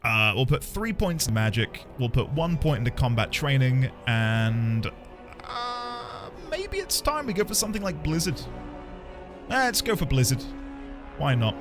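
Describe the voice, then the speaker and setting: A man with a medium-pitched voice and big pitch swings streams a game at a measured pace. His commentary is casual, playful, rambling, and self-mocking. Game music plays behind him.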